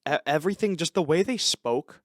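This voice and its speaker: A man's voice: fairly high pitch, lively intonation, fairly quick, no echo, studio quality. A man co-hosting a podcast in casual chat, sarcastic and mocking characters by putting on voices. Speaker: podcast co-host.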